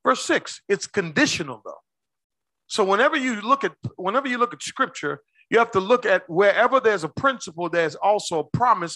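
A man preaching a sermon as pastor, quizzing his congregation with quick questions and slowing down hard to stress key words. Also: sits high, sharp tone, dry recording. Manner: call-and-response questions to the congregation.

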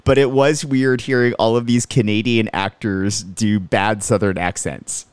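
A man's voice: lowish voice, steady tone, measured pace, clear, resonant tone, no room sound. A man co-hosting a podcast, blunt and exasperated, swearing freely in casual chat about a film. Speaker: podcast co-host. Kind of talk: casual movie-review chat.

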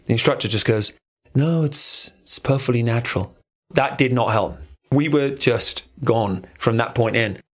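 A man co-hosting a podcast in a studio, a relationship coach who talks in an animated, playful and crude storytelling way. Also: medium pitch. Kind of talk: casual podcast chat. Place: recording studio.

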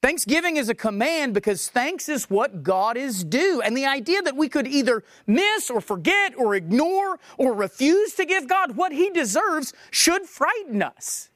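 A man preaching a sermon, animated, acting out back-and-forth dialogue. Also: very high-pitched, no echo, studio quality.

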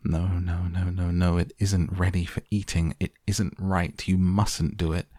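A man voicing an eccentric male inventor who sighs ruefully and turns brisk, in a storybook reading. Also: low voice, little pitch movement, mellow, no room sound, clean studio sound. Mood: fretful. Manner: wistful sighing, then briskly matter-of-fact.

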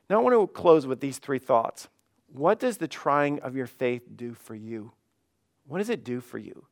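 A man's voice: mid-range voice, animated, normal speed. A man, a pastor, preaching a fervent sermon with emphatic repetitions.

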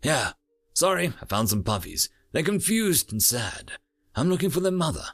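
A man's voice: very animated, moderate pace, fairly bright tone, no room sound, heavily acted. Man voicing a frantic, anguished young man. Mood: troubled. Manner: high strained voice, frantic outbursts. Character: anguished, stressed man overwhelmed by cosmic vision.

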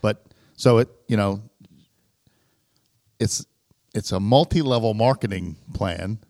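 A man with a New Orleans accent, telling stories in a halting, self-deprecating way on a casual podcast. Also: fairly low pitch, dark tone, no echo, clean studio sound. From New Orleans, USA. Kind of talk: casual chat.

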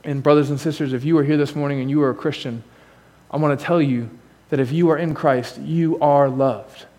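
A male pastor preaching a sermon with a slightly high voice. He shifts between fervent, loud appeals and soft, hushed lines, and adds casual humorous asides. His voice carries a long reverb from a church hall. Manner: earnest, swings between loud urging and soft, near-whispered lines. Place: church sanctuary.

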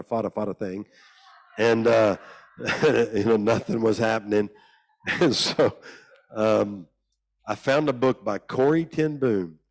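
A man preaching in a church hall with a slightly low voice. He tells his stories with humour and mimics the people in them. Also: a little mellow. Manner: humorous, acts out the people he quotes in higher voices. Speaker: guest preacher. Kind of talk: storytelling sermon.

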